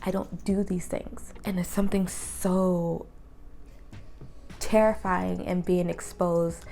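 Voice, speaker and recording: Earnest young woman with a gravelly voice. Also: fairly low pitch, level tone, slow pace, dark tone. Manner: earnest, open and reflective, drops to a whisper at times. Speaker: vlogger. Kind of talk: personal vlog talk.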